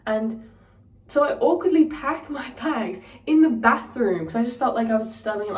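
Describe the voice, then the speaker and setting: A woman's voice: on the high side, brisk, distant mic. A young woman casually telling a story, candid and sweary, ranting. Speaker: vlogger. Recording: roomy echo, voice set back from the mic.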